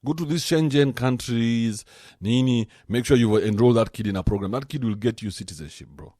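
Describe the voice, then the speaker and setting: A man hosting a podcast, talking in a casual, joking rant with an animated manner. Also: mid-range voice, fairly quick, dry recording, clean studio sound. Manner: animated, joking, swings into mocking put-on voices. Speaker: podcast host.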